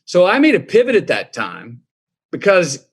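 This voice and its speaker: A man's voice: high-pitched, wildly swooping pitch, normal speed, husky. A middle-aged man, telling a personal story in a podcast interview with a drawling, reflective manner. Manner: drawling, reflective storyteller acting out quoted voices. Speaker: guest.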